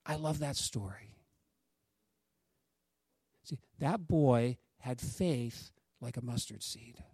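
Slow and slightly rough, his voice in the mid-range, a preacher tells a story from the pulpit and spurs the congregation into lively call-and-response. It's a dry recording.

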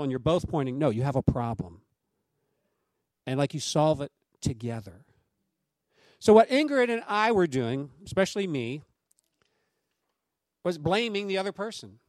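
Middle-aged male pastor, conversational sermon delivery, slightly high voice, dry close mic. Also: normal speed, no echo. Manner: conversational and anecdotal, with asides to the congregation; acts out quoted voices in lively raised tones.

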